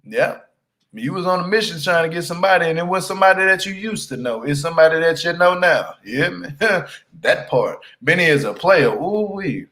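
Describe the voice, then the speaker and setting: Slightly high-voiced man, animated and teasing. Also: a little fast, poor audio. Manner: animated, laughing, teasing, slangy; repeats "you hear me" for emphasis. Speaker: reality show recap commentator. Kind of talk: casual recap commentary.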